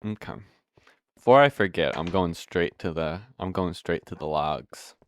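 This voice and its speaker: A man's voice: deep voice, unhurried. A young man giving casual, rambling gameplay commentary, hiccuping now and then, correcting himself and swearing offhand. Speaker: gameplay video host.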